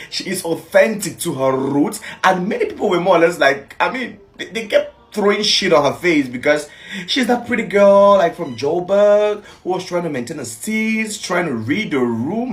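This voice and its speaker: A woman giving an animated, emphatic reaction in a casual online clip. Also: lowish voice, unhurried. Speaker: online commentator.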